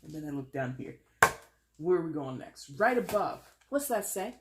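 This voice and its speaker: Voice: medium pitch, very animated, normal speed, roomy sound, heavy background noise. A tarot reader from the States giving a blunt, tough-love reading with a sarcastic edge. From United States. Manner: sarcastic, mimics whiners.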